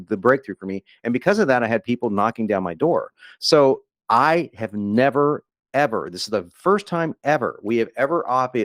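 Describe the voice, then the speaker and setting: A man giving an enthusiastic, rambling sales pitch on a webinar as a guest copywriter, with frequent restarts and laughs. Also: no room sound, studio quality.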